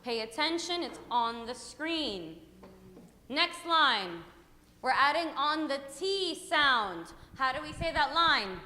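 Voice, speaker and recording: A woman teaching a hymn class, upbeat and coaxing, calling out brisk prompts to her students. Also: sits high, sing-song, sharp tone, slight background noise. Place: church hall classroom. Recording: echoey hall reverb.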